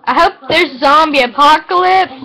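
A woman chatting casually on a home video, giggly and teasing, breaking into shouts. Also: high-pitched, normal speed, low-quality recording.

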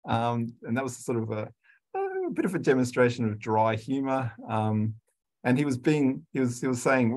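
A man giving an informal talk to students, slow and relaxed, with many pauses and restarts. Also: mid-range voice. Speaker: student services presenter. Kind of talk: informal lecture to international students.

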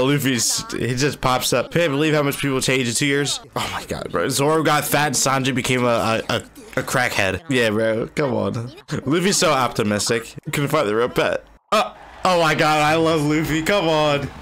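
Excitable man gushing over anime. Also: mid-range voice. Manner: excitable, slangy, gushing exclamations. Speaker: anime reaction channel host. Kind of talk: live anime reaction commentary.

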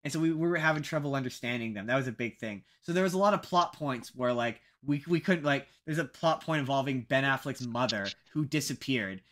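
Man, young adult, podcast co-host, casual rambling chat, bright voice. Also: medium pitch, a little fast, hardly any pauses. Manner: animated, rambling, self-mocking.

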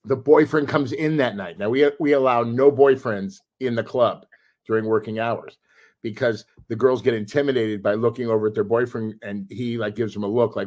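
A middle-aged man spins a story in casual podcast chat, his voice at an ordinary pitch. He jumps into lively acted-out quotes and swears freely. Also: normal speed. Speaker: podcast co-host.

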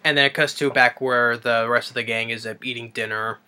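A man's voice: mid-range voice, fairly even intonation, a little fast, bright, forceful tone, clean tone. A man casually retelling a film's plot as a reviewer, rambling and hesitant with many fillers and restarts. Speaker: movie reviewer.

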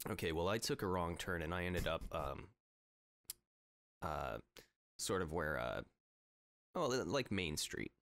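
A man's voice: sits low, lively intonation, a little slow, pauses often, fairly bright tone, no echo. A young man co-hosting a podcast, talking hesitantly with lots of fillers and sarcastic quips. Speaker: podcast co-host. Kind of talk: casual chat.

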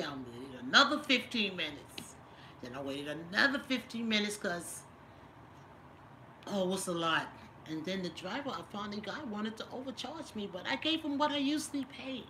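A woman's voice: fairly low pitch, pushed and bright, a little hiss or hum, rough recording. A middle-aged woman live-streaming a casual vlog, chatting and teasing while she reads viewer comments aloud. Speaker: lifestyle vlogger doing a live stream.

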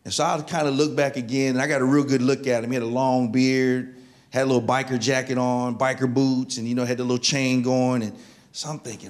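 A man's voice: medium pitch, steady tone, fast. Man preaching with storytelling repetition. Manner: storytelling, repeats key words for emphasis. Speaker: pastor. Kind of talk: sermon.

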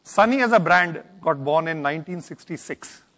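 A man with an Indian English accent, a company executive briskly presenting a car's features at a launch. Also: fairly high pitch, lively intonation, fairly bright tone. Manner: brisk, promotional, explains features. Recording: reverberant event hall.

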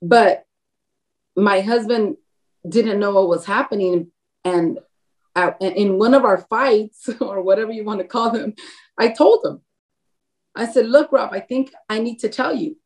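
A woman's voice: mid-range voice, unhurried, pauses often. A woman giving a personal faith testimony as a guest, storytelling animatedly, acting out quoted dialogue and laughing often. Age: adult, married with a grown son. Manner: laughs often while talking. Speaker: interview guest.

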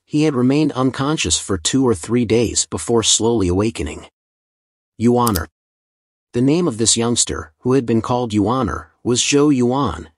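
A man narrating a fantasy story recap in a measured, scripted reading. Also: medium pitch, breathy edge, dry recording, clean studio sound.

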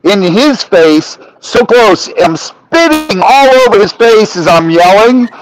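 A middle-aged man telling a story as a podcast guest, animated and profane, rising to shouts when he acts out arguments. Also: high voice, takes it slowly, low-quality recording. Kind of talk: storytelling in casual chat.

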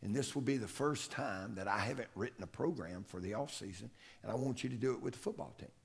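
A man quoting a quiet, soft-spoken male football coach, his gravelly voice lowered and hushed. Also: fast talker. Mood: calm, quiet. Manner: speaks quietly and softly.

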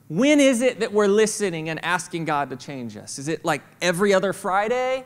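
A man preaching a sermon as senior pastor in a church, conversational and animated, acting out the voices of children and God. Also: high-pitched, brisk, hardly any pauses. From St. Louis, Missouri. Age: adult with kids. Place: church auditorium. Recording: reverberant church hall.

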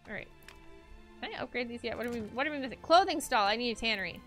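A young woman with a bright, fairly high voice chats playfully on a game stream, thinking out loud and answering her viewers. Soft music plays faintly behind her on a desk mic. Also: expressive, fast. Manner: chatty, playful, talks to herself and chat while playing. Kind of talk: casual game-stream chat.

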